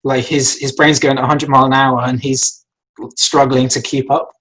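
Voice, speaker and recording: A man's voice: mid-range voice, flat delivery, moderate pace, fairly bright tone, low-quality recording. A man, an animator, explaining his acting choices for a shot in a casual, rambling way with many fillers and restarts. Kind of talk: casual lesson talk.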